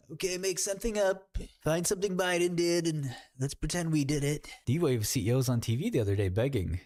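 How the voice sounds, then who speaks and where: A man's voice: on the high side, fairly quick, a little mellow, no echo, clean studio sound. A man hosting an investing livestream, talking casually in a sarcastic, mocking way.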